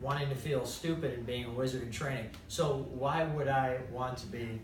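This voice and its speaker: A man's voice: medium pitch, steady tone, moderate pace, distant mic. A man in casual chat who keeps asking questions and steering the talk back, heard from afar. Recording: echoey room from afar with noise.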